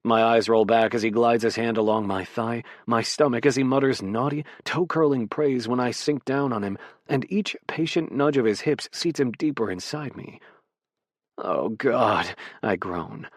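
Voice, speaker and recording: Soft-spoken man narrating intimately. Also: mid-range voice, dry recording, clean studio sound. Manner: soft, intimate, unhurried reading. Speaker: audiobook narrator. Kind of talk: first-person romance narration.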